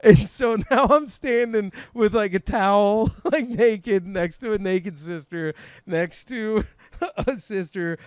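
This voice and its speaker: A man's voice: sits high, takes it slowly, clean tone, dry recording. A young man co-hosting a podcast, telling a comic story, laughing through his lines, loose and profane. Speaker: podcast co-host.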